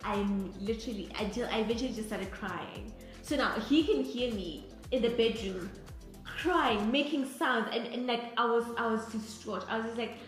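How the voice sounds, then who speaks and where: A woman's voice: fairly high pitch, moderate pace. A woman, dramatically retelling a story in casual chat, with restarts and bursts of laughter. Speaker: co-host of a couple's channel. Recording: very echoey room with faint music.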